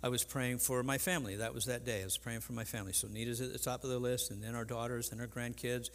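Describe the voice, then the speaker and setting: An older man preaching a sermon as pastor, earnest and halting, with frequent restarts. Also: medium pitch, steady tone. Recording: long reverb in a large hall.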